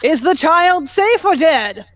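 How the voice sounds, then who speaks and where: A woman voicing a blinded fierce warrior who makes blunt, gruff demands. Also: high voice, expressive, a little fast, no echo, lo-fi sound, voice pushed up.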